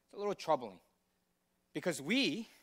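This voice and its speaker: Male pastor preaching, high voice that swings all over, keeps asking the room if they follow. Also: sing-song, moderate pace, fairly bright tone, slightly rough. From United States. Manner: questioning, teacherly, checks in with the congregation. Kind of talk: sermon.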